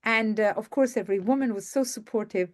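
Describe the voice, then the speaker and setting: A woman's voice: mid-range voice, fairly quick. A woman hosting an online masterclass over a video call, telling success stories with enthusiasm and repeating words for emphasis. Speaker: masterclass host and media coach.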